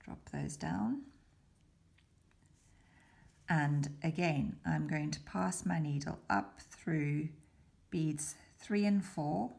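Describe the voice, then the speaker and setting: Speaking low with big swings in pitch, this beading tutor draws out her words, leaves long pauses, and has a creaky, slightly mellow quality. She demonstrates the craft patiently and methodically, whispering now and then as she works.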